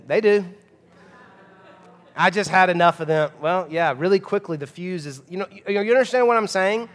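Pastor, 30s, high voice, conversational emphatic preaching, church reverb. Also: male voice, animated, moderate pace. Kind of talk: sermon. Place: church sanctuary. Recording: long hall reverb of a church.

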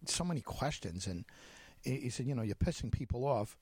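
A radio host telling a story in a monologue, speaking animatedly with many restarts and acting out the quoted conversations. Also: male voice, mid-range voice, lively intonation, a little fast, a little mellow, slightly rough, no room sound. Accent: Long Island.

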